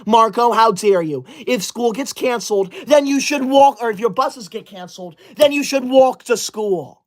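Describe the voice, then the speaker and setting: A man voicing a prissy, self-righteous schoolboy livestreamer and teacher's pet, scolding and banning his viewers with quick outrage in a comedy sketch. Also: very high voice. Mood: indignant scolding. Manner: indignant, scolding, easily outraged.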